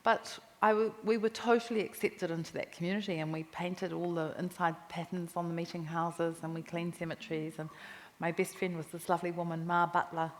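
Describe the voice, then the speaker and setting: A woman in her sixties with a New Zealand accent, an author telling lively stories in a live interview. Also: fairly low pitch, a little fast, hardly any pauses. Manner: lively, laughing anecdotes. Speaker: memoir author, interview guest. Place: live talk venue with audience. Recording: echoey hall, faint background noise.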